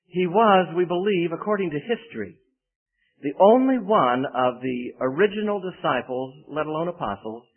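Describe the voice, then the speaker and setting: Male preacher, folksy anecdotal sermon delivery, slightly husky, lo-fi phone-line audio. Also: a little high, expressive, moderate pace. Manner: folksy storytelling, acts out quoted voices. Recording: tinny phone-like band.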